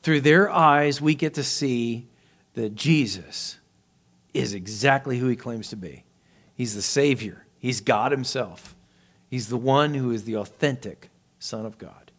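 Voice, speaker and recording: A man preaching a sermon, acting out Bible characters with lifted voice and dropping to a hush for emphasis. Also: a little slow. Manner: expressive preaching, voicing Bible characters with rising pitch and volume; drops to a soft hush for emphasis. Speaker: pastor.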